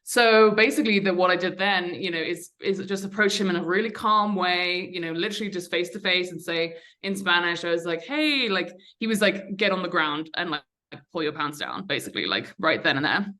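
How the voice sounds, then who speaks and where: A woman's voice: lowish voice, brisk, few pauses, pushed and bright. A young woman on a podcast, candidly recounting a personal story in a chatty way, with lots of fillers and restarts. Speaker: podcast guest. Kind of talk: conversational storytelling.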